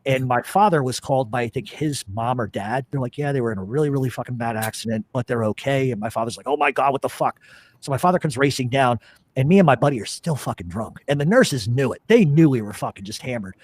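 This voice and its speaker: A middle-aged man hosting a podcast, telling stories in a profane, animated casual chat. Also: medium pitch, quick pace. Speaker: podcast host.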